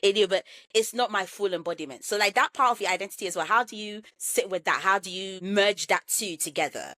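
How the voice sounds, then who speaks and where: A young woman who grew up in Ghana, hosting a casual podcast chat in an animated, emphatic way and laughing often. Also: mid-range voice, a little fast. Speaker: podcast host.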